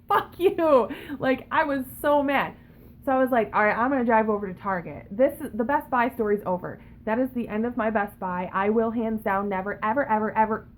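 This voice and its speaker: High-voiced woman ranting with heavy swearing. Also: a little hiss or hum. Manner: profane, heated, acts out both sides of the story; talks in a cooing baby voice to her pet. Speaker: YouTuber. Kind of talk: storytime rant to camera.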